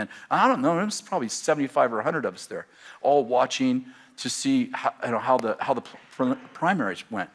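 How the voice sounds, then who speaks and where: A middle-aged male pastor telling a story from the pulpit, lively and laughing at himself. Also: mid-range voice. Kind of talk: storytelling sermon.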